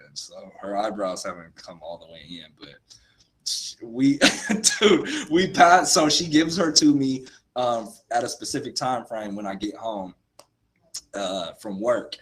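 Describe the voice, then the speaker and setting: A man's voice: mid-range voice, animated, measured pace, fairly bright tone, rough recording. A young man hosting a casual livestream, laid-back and laughing often, calling his viewers "y'all" and "dude". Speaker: motivation coach hosting a livestream.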